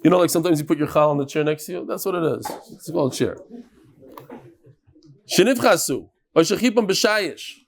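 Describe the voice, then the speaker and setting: Man, Talmud teacher, lively class, fairly high voice, talks to the students. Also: brisk, vocal fry. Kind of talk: lively Daf Yomi class.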